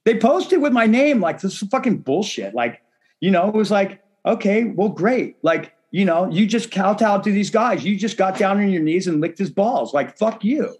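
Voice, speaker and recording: Casting: heated guest, male, slightly high-pitched, profane and rambling, heavy on "like.". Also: lively intonation, moderate pace, darkish tone, slightly rough. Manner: heated, indignant. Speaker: podcast guest. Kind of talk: casual interview talk.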